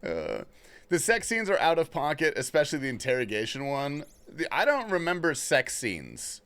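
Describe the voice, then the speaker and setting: A man's voice: fairly high pitch, wildly swooping pitch, normal speed, fairly bright tone, clean tone. A young man chatting casually and profanely on a gaming livestream, answering his chat. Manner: laid-back, slangy and profane, reading and answering chat.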